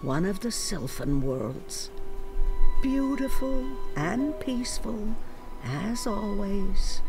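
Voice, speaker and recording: Brief: an older artist, whispery and creaky, slow game narration. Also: female voice, on the low side, full character voice.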